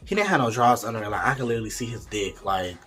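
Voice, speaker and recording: A man's voice: on the low side, big pitch swings, very fast, bright, forceful tone, soft background music. A young man in casual storytime mode, chatty and candid, talking straight to his viewers. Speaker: vlogger.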